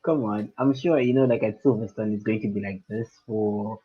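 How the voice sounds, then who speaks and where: A man's voice: lowish voice, fairly even intonation, normal speed, narrow, tinny audio, over a noisy crowd. A man co-hosting a casual stream chat, agreeable and hedging, with short replies and filler words.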